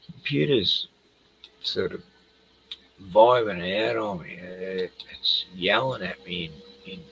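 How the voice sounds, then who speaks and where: A man's voice: deep voice, slow pace, gravelly, fairly bright tone, slight background noise, rough recording. A middle-aged man chatting casually on a late-night stream, tired and rambling, trailing off often and swearing a lot.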